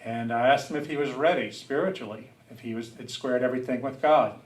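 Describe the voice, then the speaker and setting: A man's voice: medium pitch, brisk, far from the mic. A middle-aged man from south Louisiana giving a personal, reflective lecture, speaking earnestly and restarting his sentences now and then. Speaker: public speaker. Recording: roomy hall, speaker away from the mic.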